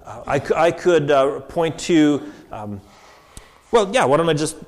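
A man's voice: fairly high pitch, expressive, a little slow, a little mellow. A man preaching a sermon in a conversational way, restarting phrases and checking in with "right?". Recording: long echoing reverb.

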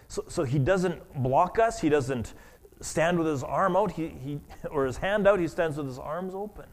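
A man's voice: a little high, moderate pace, a little mellow. Earnest male pastor preaching. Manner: earnest, with many restarts and repeated words. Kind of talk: sermon.

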